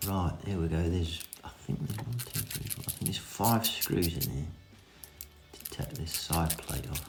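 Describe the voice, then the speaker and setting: A man's voice: low-pitched, measured pace, vocal fry. A man giving a cheeky, self-mocking running commentary in a casual hands-on repair tutorial. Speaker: vintage reel restorer. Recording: echoey room with music behind.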